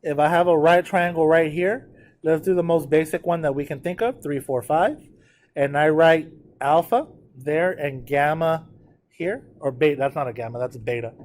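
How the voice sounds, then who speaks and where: Man teaching a class, higher voice. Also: normal speed, a little mellow, slight background noise. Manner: drills pronunciation, asks the class to repeat; frequent check-ins with students. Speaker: math teacher. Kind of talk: classroom lecture.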